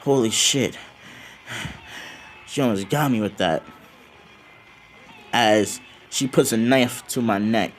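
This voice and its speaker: A man with a medium-pitched voice improvises a casual first-person fan-fiction story. He's loose and excited, swearing, acting out the dialogue, and using lots of fillers.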